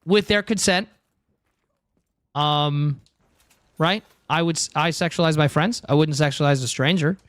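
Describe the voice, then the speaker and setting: A man's voice: a little high, a little slow, pauses often, fairly bright tone, no echo. A young man streaming a game from home, chatting crudely and joking, saying dude a lot, close on a headset mic. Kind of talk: casual livestream chat while gaming. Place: home room.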